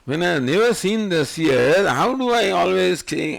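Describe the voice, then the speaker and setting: Gravelly older man teaching scripture. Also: high-pitched, a little slow. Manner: questioning, rhetorical, animated. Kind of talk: Vedanta scripture lecture.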